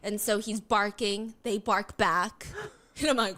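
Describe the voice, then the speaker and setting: Animated woman telling a story. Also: a little high, a little slow. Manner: animated storytelling, acting out quotes. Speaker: host. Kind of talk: casual chat.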